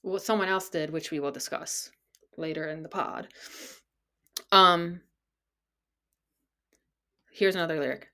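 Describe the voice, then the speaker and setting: A woman's voice: sits low, measured pace, pauses often, pushed and bright. A woman hosting a casual solo podcast, talking in an incredulous, exasperated way and swearing freely. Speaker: podcast host.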